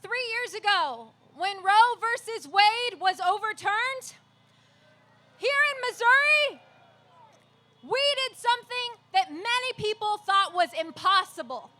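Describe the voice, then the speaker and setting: Slow, high-voiced woman activist speaker. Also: lively intonation, sharp tone. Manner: measured, earnest, leads call-and-response chants. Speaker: activist leader, rally speaker. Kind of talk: rally speech. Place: outdoor park rally.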